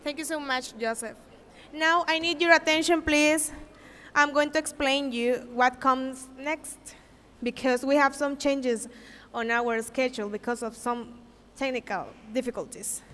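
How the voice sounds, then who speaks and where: A woman with a high voice gives schedule announcements at a conference, speaking slowly and politely. Her voice carries the long echo of a large hall. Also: steady tone, a bit bright. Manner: instructive, polite. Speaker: event organizer.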